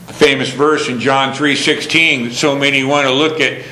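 A man preaching a sermon, earnest, swinging from emphatic questions down to low, slow passages. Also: fairly even intonation, pushed and bright, reverberant, low-quality recording.

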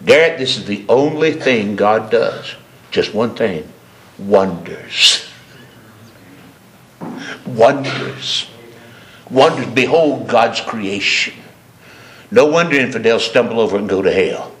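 A man preaching a sermon with passion, repeating phrases for emphasis and climbing from low murmurs to high, ringing cries. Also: animated, slow pace, long pauses, a bit bright.

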